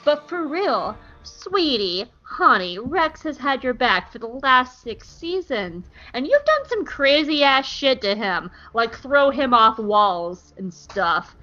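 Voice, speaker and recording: Woman doing a sassy young wife, teasing, affectionate, slightly high voice, dull lo-fi sound, faint music behind. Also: big pitch swings, slow, few pauses, sharp tone, heavily acted. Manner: teasing, affectionate, calls him sweetie and honey. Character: sassy young woman scolding her husband fondly.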